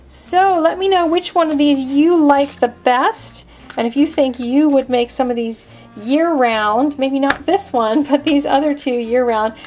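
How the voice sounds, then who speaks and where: A woman's voice: high voice, darkish tone. A woman hosting a casual card-making tutorial, explaining her steps in a chatty way.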